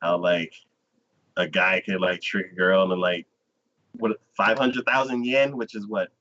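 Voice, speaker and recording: A man co-hosting a podcast, chatting casually and acting out anime scenes in lively, excited retellings full of "like.". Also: low voice, a little slow. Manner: animated storyteller acting out scenes, frequent "like". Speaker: podcast co-host. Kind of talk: casual anime review chat. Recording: dull lo-fi podcast audio.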